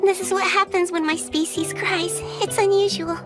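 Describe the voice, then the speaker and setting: A woman's voice: very high voice, fairly even intonation, moderate pace. A woman voicing a polite, easily flustered young witch in an anime English dub, speaking earnestly. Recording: soundtrack music behind.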